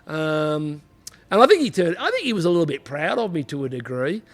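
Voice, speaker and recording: A man's voice: fairly high pitch, sing-song, brisk. A middle-aged man with an Australian accent, a former police officer telling rambling anecdotes in a casual interview, full of "you know" asides.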